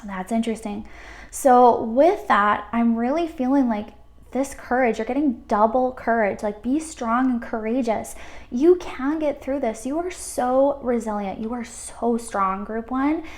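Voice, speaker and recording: A woman giving a pick-a-card spiritual reading, speaking in a gentle, affirming and emotional way with many fillers. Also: a little high, measured pace. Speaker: tarot card reader.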